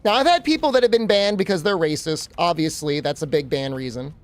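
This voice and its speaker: A man's voice: on the high side, brisk. A man streaming a game, rambling and joking with his chat in a casual way. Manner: rambling, joking, talks to chat while playing.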